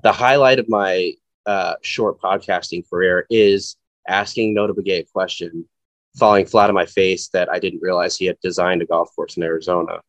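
A man's voice: sits low, steady tone, moderate pace, no room sound. Eager male co-host, slightly dull dry recording. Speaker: podcast co-host. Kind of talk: casual chat.

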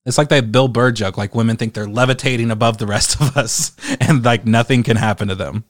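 A man's voice: medium pitch, fairly quick, hardly any pauses, no echo. Male commentator, casual rant, profane and exasperated, dry studio sound. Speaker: commentator reading online comments.

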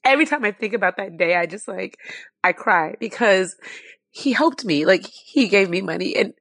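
A woman guest telling an emotional personal story, impassioned and near tears, with many fillers and halting restarts. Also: mid-range voice, lively intonation, fairly bright tone, no echo.

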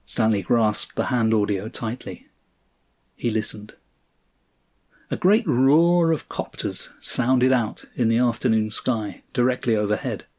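Male narrator, steady measured story reading, mid-range voice. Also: medium pitch. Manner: steady, measured reading, voicing each character. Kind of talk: audiobook reading of a science fiction story.

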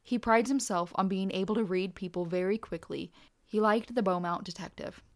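A woman's voice: mid-range voice, normal speed. Woman co-host reading aloud. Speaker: podcast co-host. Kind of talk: reading a nonfiction account aloud.

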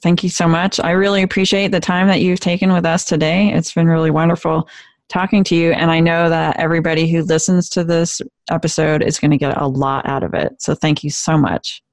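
A woman's voice: sits low, flat delivery, fairly quick, dry recording. A woman hosting an interview, affirming and encouraging her guest. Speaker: host. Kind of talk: interview conversation.

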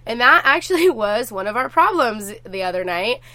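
A woman's voice: fairly high pitch, sing-song, normal speed, pushed and bright, no echo. A young woman vlogging casually to her viewers, chatty and swearing freely as she tells stories.

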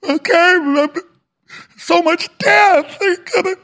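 A man's voice: very high-pitched, takes it slowly, bright, forceful tone, voice pushed up, exaggerated voice. A man doing a mocking impression of a weepy elderly male celebrity who quavers and frets about everyone dying. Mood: weepy lament. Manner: quavering, tearful, overwrought.

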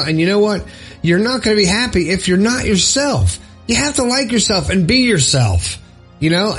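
A man hosting his own podcast alone, chatty, upbeat and poking fun at himself. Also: fairly high pitch. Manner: chatty, upbeat and self-deprecating. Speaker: podcast host. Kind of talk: solo podcast monologue.

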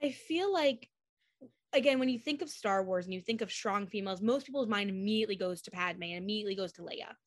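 An animated young woman chats about her work as a chocolatier in a casual interview. She keeps slipping into quoted voices, and her filler-heavy talk sits at a middle pitch. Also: fast talker. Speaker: guest chocolatier.

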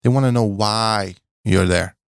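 A man's voice: fairly low pitch, measured pace, gravelly, clean tone, dry recording, clean studio sound. A man, a podcast guest talking in a blunt, skeptical, joking way. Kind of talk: casual podcast chat.

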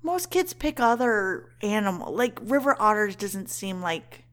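This podcast co-host has a mid-range, slightly bright, sing-song voice and talks a little slowly. Chatting casually, she gushes with emotion and leans heavily on "like" and "um."

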